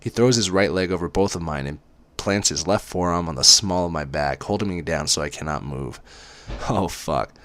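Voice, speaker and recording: A man's voice: sits low, normal speed, a bit bright, dry recording. A man reading a romance story aloud as dramatic first-person narration. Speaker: reader.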